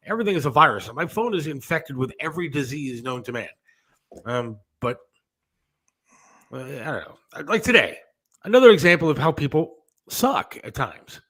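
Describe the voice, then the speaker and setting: A man chatting on a talk show, his voice a touch higher than most. He tells stories in a loose, rambling way, full of "um" and restarts. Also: fairly bright tone, low-quality recording. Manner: rambling, storytelling with many fillers and restarts. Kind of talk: casual radio-style chat.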